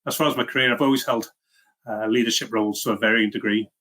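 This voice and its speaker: A middle-aged man from Liverpool whose accent is a blend of Liverpool and Welsh. He talks fast in a chatty, self-deprecating way, with plenty of fillers and false starts. He sounds like an interview guest telling his story. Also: on the low side, steady tone, bright, forceful tone. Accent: mixed Liverpool and Welsh. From Liverpool, England. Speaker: guest, software engineering leader. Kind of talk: casual interview chat.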